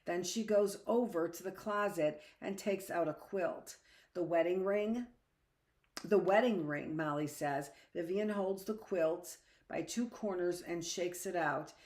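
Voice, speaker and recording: A woman teacher reading a novel aloud in a steady, unhurried way. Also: fairly low pitch.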